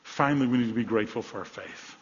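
A male pastor preaching a sermon, telling a story with animated emphasis and dropping to quiet, soft moments. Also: medium pitch, fast talker. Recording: dull sound in a large reverberant hall.

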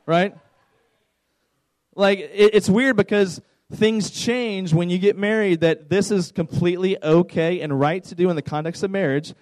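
A man in his thirties gives a youth sermon in a conversational, joking way, often doubling his words as he talks. His voice sits a little high for a man, and the sound is close and dry, with no room echo. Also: fairly even intonation, normal speed, a little mellow. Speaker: youth pastor.

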